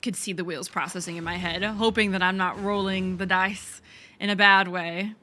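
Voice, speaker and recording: A woman's voice: mid-range voice, fairly even intonation, normal speed, bright, forceful tone. A woman streaming a video game, chatting casually as she thinks aloud, laughing and swearing often. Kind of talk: casual gameplay commentary.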